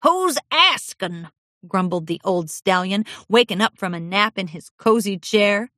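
A woman narrating a children's storybook aloud in an expressive, animated reading style. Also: medium pitch, moderate pace, no echo, studio quality.

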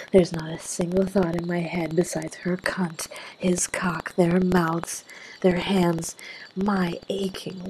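A woman narrating in the first person with a breathy, intimate whisper in a whispered role-play. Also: on the low side, a little mellow, slight background noise, rough recording.

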